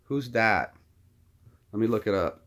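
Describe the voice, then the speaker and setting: A man's voice: lowish voice, lively intonation, unhurried, fairly bright tone. A man casually chatting with his live-stream viewers between impressions, rambling and friendly. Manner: chatty, rambling, talks to chat.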